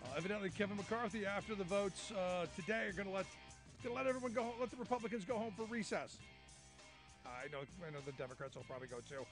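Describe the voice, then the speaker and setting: A man's voice: high voice, animated, quick pace, over music. A man hosting a talk radio show, chatting casually with a loose, rambling, sarcastic delivery.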